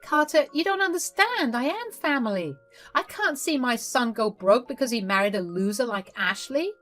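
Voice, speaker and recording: A woman's voice: sits high, animated, moderate pace, fairly bright tone, faint music behind, pitched above the performer's own voice. A woman voicing a scheming, condescending older mother-in-law. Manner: haughty, condescending.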